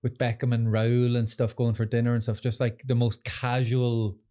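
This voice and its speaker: A man's voice: mid-range voice, flat delivery, moderate pace, warm tone. A man co-hosting a podcast, chatting in a laid-back, reflective way. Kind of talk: casual chat.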